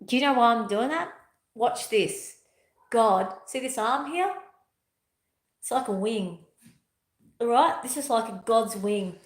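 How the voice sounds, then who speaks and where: A woman talks as a spiritual teacher in a fairly high voice. She speaks emphatically and hammers her points home by repeating them. The recording has a roomy echo from her home. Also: lively intonation, unhurried, long pauses. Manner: emphatic, repeats key phrases. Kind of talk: spiritual motivational talk.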